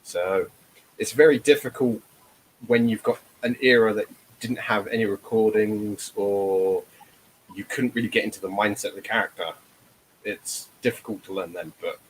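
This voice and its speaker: A man's voice: on the low side, moderate pace, a little hiss or hum, low-quality recording. A man, an actor guest on a casual livestream, explaining things in a rambling way with frequent restarts.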